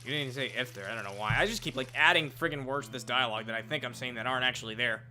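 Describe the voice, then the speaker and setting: A man's voice: medium pitch, rapid-fire, bright, forceful tone, soft background music. A young man casually commentating a video game, wry and rambling, with the odd swear and aside. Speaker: let's play commentator. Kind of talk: game commentary, reading dialogue aloud.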